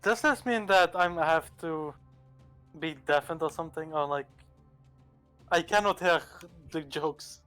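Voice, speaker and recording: Guy at a tabletop game, kinda high voice, cracking jokes, music faint behind. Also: a little slow, sharp tone, clean tone. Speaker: player. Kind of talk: casual chat.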